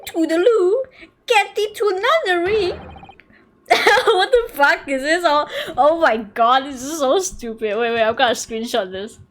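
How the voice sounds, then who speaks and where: A woman's voice: sits high, animated, normal speed, few pauses, fairly bright tone. A woman streamer giving casual game commentary, full of profane, mocking asides.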